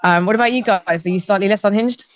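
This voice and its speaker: A woman's voice: mid-range voice, fast talker, no room sound. A woman co-hosting a podcast in casual chat, laughing often as she talks. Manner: chatty, laughs often, runs through tour dates. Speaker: podcast co-host.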